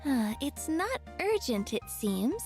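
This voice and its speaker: A bubbly young florist who runs her own little shop, her voice very high and bouncing all over the place. She chats sweetly and warmly to a dog as she speaks her game dialogue. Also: big pitch swings, slow, faint music behind, exaggerated voice. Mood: cheerful. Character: cheerful young woman florist shopkeeper. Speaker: game character.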